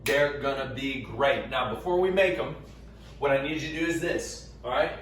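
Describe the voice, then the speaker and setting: A young man teaching an energetic class, counting reps aloud and checking in with "all right?" throughout. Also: mid-range voice, moderate pace, far from the mic, noisy background. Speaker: PE teacher leading a workout and recipe. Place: indoors, gym then home kitchen. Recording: very echoey room, voice a bit off-mic.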